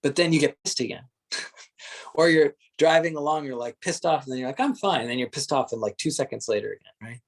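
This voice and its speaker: A man leading a guided meditation, speaking in slow, gentle, searching phrases and often laughing softly. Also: medium pitch. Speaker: meditation teacher.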